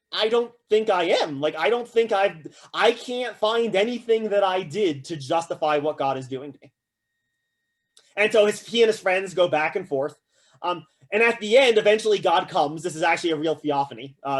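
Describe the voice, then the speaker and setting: A man giving a casual, animated philosophy lecture to a class, often checking in with "right?" and acting out quotes with humor. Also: sits high. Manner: acts out quoted voices with humor.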